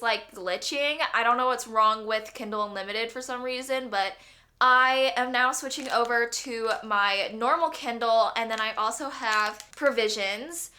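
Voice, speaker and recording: Young woman, bright tone, higher voice, chatty, filler-heavy, casual vlog talk. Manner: chatty, bubbly, heavy use of "like". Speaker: book vlogger.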